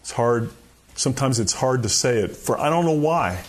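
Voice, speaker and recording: A man giving a sermon at an ordinary middle pitch. He talks to the congregation in a relaxed, folksy way, as if chatting with them, and chuckles now and then. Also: normal speed. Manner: conversational, folksy, with frequent "you know" and chuckles. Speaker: pastor.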